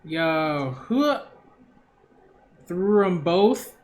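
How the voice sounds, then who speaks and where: Casting: a man doing a casual manga read-along, excitable and slangy, taking his time. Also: fairly high pitch, slow pace. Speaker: manga critic reading aloud.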